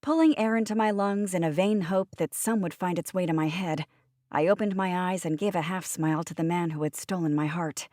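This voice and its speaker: A woman's voice: on the low side, a little fast, darkish tone, dry recording, clean studio sound. Wry woman narrating an audiobook. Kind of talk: first-person audiobook narration.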